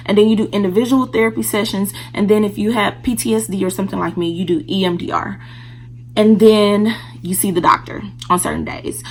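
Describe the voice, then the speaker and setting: A woman's voice: medium pitch, steady tone, brisk, a little hiss or hum, poor audio. A woman vlogger telling a personal story in a candid, casual way, speaking straight to her viewers.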